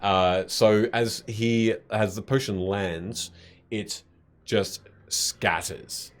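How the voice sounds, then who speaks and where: Low-voiced man running a tabletop game. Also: steady tone. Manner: halting, many fillers, laughs often. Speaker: game master.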